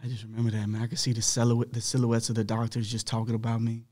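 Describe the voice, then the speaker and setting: A young man in his twenties, a podcast guest, telling his story animatedly with a slightly rough voice and acting out the dialogue. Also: medium pitch, quick pace. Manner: animated, acts out dialogue, frequent swearing. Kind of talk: casual storytelling.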